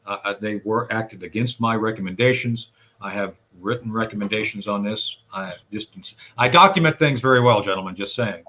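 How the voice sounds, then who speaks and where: Low-voiced man telling his story. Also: moderate pace, sharp tone. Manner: recounts events step by step, addresses listeners directly. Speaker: guest. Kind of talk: conversational storytelling.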